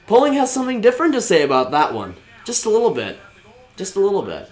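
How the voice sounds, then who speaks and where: A young man live streaming a watch-along, excitable, swinging from low muttered remarks to shouting and laughing. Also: fast talker.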